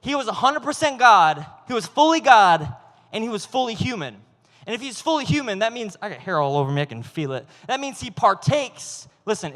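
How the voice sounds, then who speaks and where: Young male youth pastor, casual joking sermon, high voice, reverberant hall. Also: a bit bright. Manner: casual, playful, acts out quotes.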